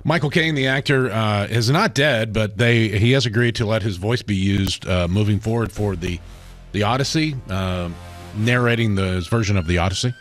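A man's voice: lowish voice, moderate pace, faint music behind. A man hosting a radio show, chatting casually, curious and a little hesitant, with frequent fillers.

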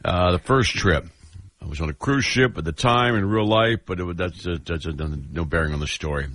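A man's voice: deep voice, animated, a little fast, a bit bright, dry recording. A man hosting a radio talk show, reading a listener's message aloud in a laid-back way, chuckling often.

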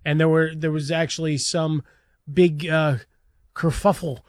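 Man, sports radio co-host, slightly high voice, wry quips, dry studio. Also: fairly even intonation, measured pace, no room sound.

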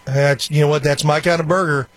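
Male call-in host, husky, slightly high, relaxed banter, dry studio sound. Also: brisk, no room sound. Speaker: radio call-in show host. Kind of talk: casual call-in chat.

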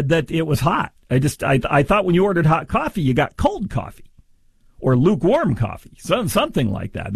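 A man's voice: on the high side, gravelly, husky, dry recording, clean studio sound. A man hosting a sarcastic commentary on a news story, mocking and exaggerated in delivery. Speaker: commentary host.

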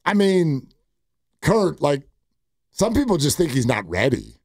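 A man's voice: a little high, huge pitch swings, a little slow, no room sound, studio quality. A man hosting a sports radio show, chatting casually with frequent stammered restarts.

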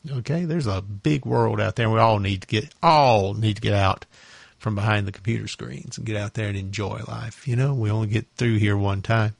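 Gravelly, easygoing male radio host. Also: lowish voice, normal speed, no echo. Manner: relaxed, chatty, folksy and easygoing. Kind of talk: casual radio chat. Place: radio studio.

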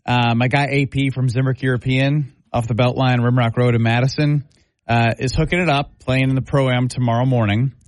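A man's voice: mid-range voice, fairly even intonation, moderate pace, no echo. A man co-hosting a sports talk radio show, conversational and reading stats off an article. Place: radio studio.

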